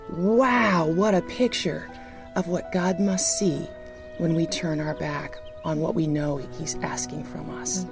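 Heartfelt low-voiced woman guest. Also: steady tone, takes it slowly, gravelly, over music. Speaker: interview guest. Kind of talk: conversational storytelling.

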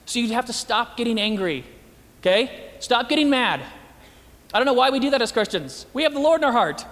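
A man giving a lively, joking talk to an audience as a Christian speaker, acting out the voices he quotes. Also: very high-pitched, brisk, long reverb tail.

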